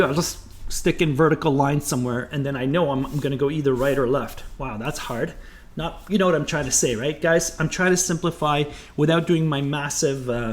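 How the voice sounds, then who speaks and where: Male art teacher, pitched a bit high, chatty and encouraging, narrates as he draws. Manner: chatty and encouraging, thinking aloud while sketching. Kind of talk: drawing tutorial.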